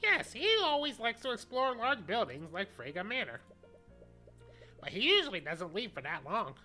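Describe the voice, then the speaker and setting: A man's voice: sits high, big pitch swings, moderate pace, sharp tone, faint music behind, voice pushed up, heavily acted. A man voicing a creepy old male museum curator who gives formal, earnest testimony while reading game dialogue aloud. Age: older.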